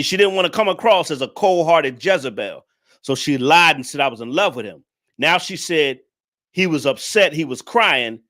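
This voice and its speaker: Male commentary host, preachy lecturer, bright and somewhat high voice. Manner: preachy, lecturing, repeats points; addresses the audience directly. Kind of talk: reaction commentary on a clip.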